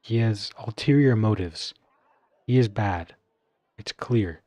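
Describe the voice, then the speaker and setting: Low-voiced wry male streamer. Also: slow pace, dark tone, dry recording. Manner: wry, reads game text and reacts with crude jokes. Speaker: game streamer. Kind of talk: casual live-stream commentary.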